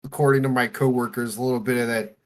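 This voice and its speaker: A man's voice: mid-range voice, fairly even intonation, quick pace. A man from southern Ohio, talking casually and hesitantly on a podcast.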